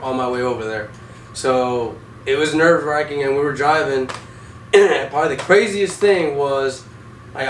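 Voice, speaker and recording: A man's voice: medium pitch, a bit bright. A young man, an Army vehicle driver, telling war stories casually with heavy swearing, in an echoey room. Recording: echoey room, distant mic, faint noise.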